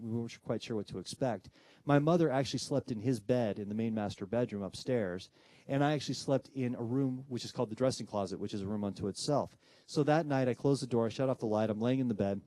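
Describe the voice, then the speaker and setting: A man who works as a paranormal investigator, telling a personal ghost story with animated, dramatic delivery and acting out the voices of people in the story. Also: medium pitch, no room sound. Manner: dramatic pauses and tension building.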